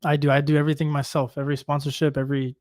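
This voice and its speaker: Young male guest, slightly high voice, emphatic and self-assured. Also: little pitch movement, rapid-fire, a little mellow, no room sound, studio quality. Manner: confident, emphatic. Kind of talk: casual interview.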